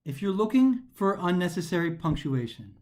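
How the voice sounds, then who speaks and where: A man teaching a recorded grammar lesson for a test, talking animatedly and slowing down to stress the pauses as he reads sentences aloud, sometimes tripping over his words. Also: sits high. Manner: animated, emphatic, slows down to stress pauses when reading aloud. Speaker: test prep instructor.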